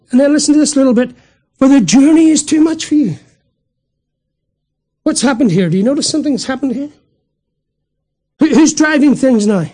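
A man's voice: very high voice, dark tone. A man preaching a sermon, emphatic and full of rhetorical questions to the congregation.

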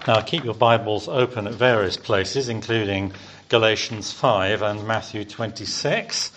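Speaking a little slowly in a low, somewhat bright voice, a man delivers a church sermon. He engages the congregation with questions and leads them in repeating his words.

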